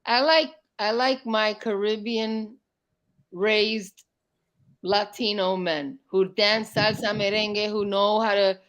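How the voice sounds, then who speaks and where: A woman's voice: mid-range voice, steady tone, takes it slowly, fairly bright tone, highs cut off. A woman chatting bluntly on a casual livestream call, sharing strong opinions and slipping in Spanish phrases. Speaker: livestream co-host.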